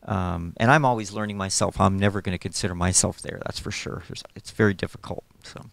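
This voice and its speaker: A man's voice: sits low, steady tone, brisk, creaky, dry recording. A middle-aged man, an animator, talking casually in an interview, friendly and rambling with lots of fillers. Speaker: animator and storyboard artist. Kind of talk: casual interview, explaining his work.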